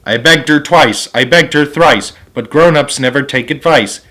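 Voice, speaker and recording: Man, storybook read-aloud, expressive rhyming delivery, mid pitch. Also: moderate pace. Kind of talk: reading a children's poem aloud.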